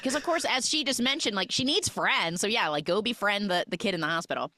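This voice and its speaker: A woman's voice: medium pitch, quick pace, dry recording. A woman hosting a podcast, retelling a film's plot in a chatty, casual way full of "like". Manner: chatty, lots of "like", animated retelling. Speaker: podcast host. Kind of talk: casual film recap chat.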